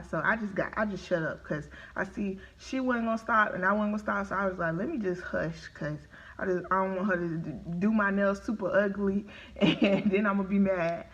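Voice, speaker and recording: A woman's voice: medium pitch, a little fast, lo-fi sound. Chatty woman telling a storytime over food. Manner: chatty, animated, talks to viewers as y'all. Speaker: vlogger. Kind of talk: casual mukbang storytime. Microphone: phone or webcam on live stream.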